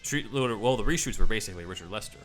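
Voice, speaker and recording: A man with a fairly low voice co-hosting a podcast. He talks casually and informatively, dropping quick affirmations, while faint guitar music plays under the talk. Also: expressive. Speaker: podcast co-host. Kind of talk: casual chat.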